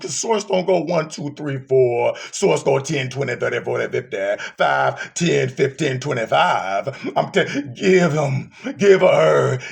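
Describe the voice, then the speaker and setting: Gravelly, fervent preacher swinging loud to whispered. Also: male voice, on the high side, animated, unhurried, few pauses. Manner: swings from shouting to hushed whispers. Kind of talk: emotional street sermon.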